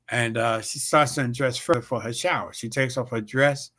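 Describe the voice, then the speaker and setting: A middle-aged man, a comedian and show host, telling a joke and a backstage story in casual, animated talk. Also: mid-range voice, normal speed.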